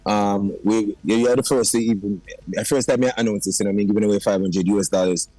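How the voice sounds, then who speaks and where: A Jamaican man talks about his year in a radio studio interview. His voice sits low and the studio sound is dry and close. He keeps dropping "you know what I mean" and drifts into patois. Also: steady tone, a little fast, mellow, dry recording, rough recording. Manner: slips into patois. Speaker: dancehall recording artist.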